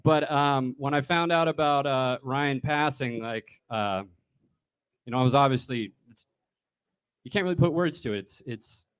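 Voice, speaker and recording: A comedian giving a humorous eulogy in a bar, telling stories casually and swearing freely. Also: male voice, medium pitch, moderate pace, smooth.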